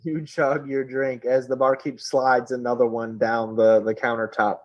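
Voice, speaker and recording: Casual dungeon master narrating. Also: male voice, medium pitch, flat delivery, normal speed, no room sound, dull audio. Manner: casual, full of "like" and "um". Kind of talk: narrating a tabletop game.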